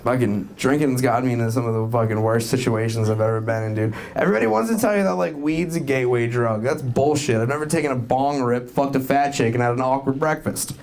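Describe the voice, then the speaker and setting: A young man from Florida doing a rambling, profane stand-up set, building to loud punchlines. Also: mid-range voice, fast, few pauses. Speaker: stand-up comedian. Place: comedy club with live audience. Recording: crowd noise from live club. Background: crowd laughing.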